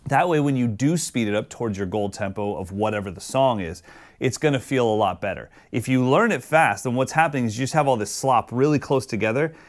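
A man giving a casual, friendly drum lesson who sings out drum patterns with his voice. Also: medium pitch. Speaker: drum teacher. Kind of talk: casual instructional talk.

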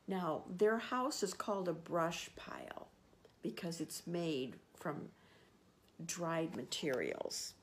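A children's librarian reads a picture book aloud, taking it slowly and gently explaining the words and pictures to the kids. Her voice is fairly low and animated.

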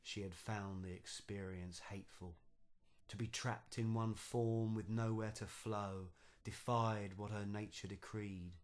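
A man narrating his own storybook poem in a measured, rhythmic recitation. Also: fairly low pitch. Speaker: poet and narrator.

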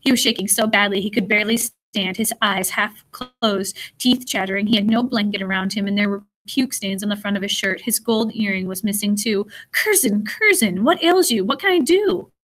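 A woman narrating an audiobook in the first person, with an even storytelling manner and small slips. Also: mid-range voice, a little fast, hardly any pauses, poor audio.

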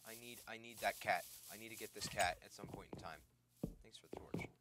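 A man giving casual, excitable let's-play commentary, chatting to the creatures he meets and yelping when they rush him. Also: on the low side, a little fast. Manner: excitable, talks to the creatures on screen, yelps in panic. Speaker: gameplay commentator. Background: game music.

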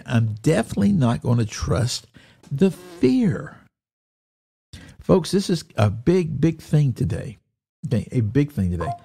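A man giving devotional Bible teaching, earnest and repeating key phrases, reading verses slowly and deliberately. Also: mid-range voice, creaky, mellow, husky. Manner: reads scripture slowly and deliberately.

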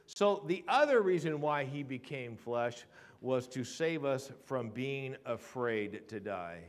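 Preaching in a church sanctuary, a man with a mid-range voice alternates hushed moments with loud ones. He repeats himself for emphasis and poses rhetorical questions throughout.

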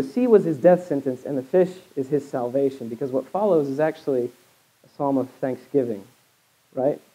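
A man's voice: mid-range voice, dark tone, poor audio. A man preaching a sermon in a conversational way, asking questions and acting out the voices of the story. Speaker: pastor.

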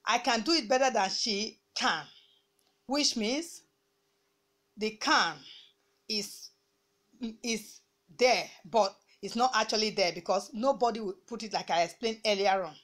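A woman from Nigeria teaching an English grammar lesson, speaking deliberately, repeating key points and slowing down to dictate example sentences. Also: mid-range voice, a bit bright.

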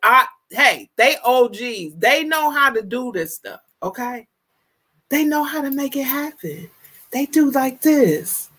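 A woman in her fifties chats casually as a live-stream host, her voice bright and fairly high. She speaks unhurriedly and stretches words out playfully. Now and then she breaks into exuberant shouts and squeals to greet viewers. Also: lively intonation, slightly rough. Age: 50s. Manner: drawn-out, playful delivery. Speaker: livestream host.

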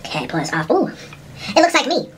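A woman's voice: sits high, very animated, moderate pace, slight background noise, rough recording. A woman doing a casual mukbang, chatting at home while she eats, often humming and saying "ooh" between bites. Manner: chatty, talks while eating, little hums and ooh sounds. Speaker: vlogger.

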